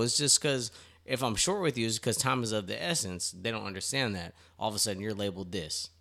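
A man co-hosting a casual podcast, explaining his point at length and acting out what other people say. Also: lowish voice. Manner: animated storytelling with acted-out quotes. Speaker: podcast co-host. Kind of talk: casual group chat.

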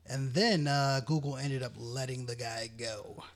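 A man's voice: mid-range voice, steady tone, measured pace. A man hosting a casual podcast chat, bringing up news stories and asking his co-hosts questions. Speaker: podcast host.

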